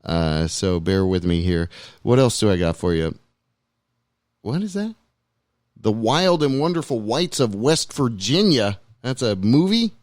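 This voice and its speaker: A man's voice: lowish voice, sing-song, measured pace, a little mellow, no echo, studio quality. Rambling, loose podcast host man. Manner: loose, rambling, self-deprecating. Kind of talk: casual talk show chat. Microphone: studio mic.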